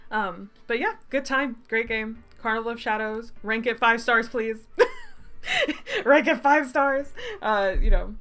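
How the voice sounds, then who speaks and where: Brief: casual woman game streamer, laughs a lot, reads story text aloud, mid pitch. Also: a bit bright. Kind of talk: casual let's-play narration.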